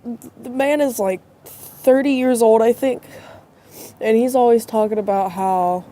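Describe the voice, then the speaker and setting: A woman's voice: on the high side, steady tone, measured pace, dark tone. Stuffy-nosed woman rambling hesitantly. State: stuffy nose from crying. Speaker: vlogger. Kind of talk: casual rambling talk to camera. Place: outdoors by a road at dusk. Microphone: phone. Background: faint traffic.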